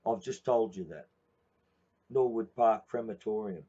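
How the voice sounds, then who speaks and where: A man's voice: lowish voice, a little slow, dark tone, lo-fi sound. An Australian man from Queensland giving a blunt, profane, confrontational address to his viewers. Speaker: protest movement speaker.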